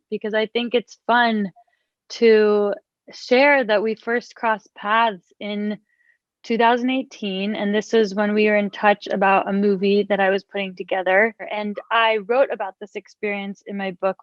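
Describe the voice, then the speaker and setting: A woman's voice: mid-range voice, flat delivery, moderate pace, dry recording, highs cut off. A woman in a casual conversation who reads aloud from her own book and talks hesitantly, with many fillers. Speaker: interviewer and author.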